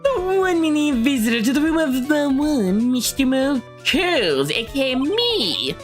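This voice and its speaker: A woman's voice: sits high, sing-song, measured pace, soft background music, voice pushed up. A woman voicing a boisterous male circus clown who cracks jokes. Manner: boisterous, punning, showy. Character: loud goofy male circus clown, joking.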